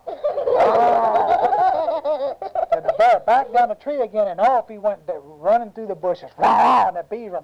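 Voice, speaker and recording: An adult telling a children's story aloud, animated, with sound effects and questions to the listening kids. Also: mid-range voice, a little hiss or hum. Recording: dull lo-fi home recording.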